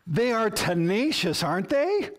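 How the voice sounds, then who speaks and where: Pastor guy preaching, kinda high voice, chatty and funny, keeps asking the crowd questions. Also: big pitch swings, unhurried. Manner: conversational storytelling with humor and rhetorical questions. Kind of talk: sermon.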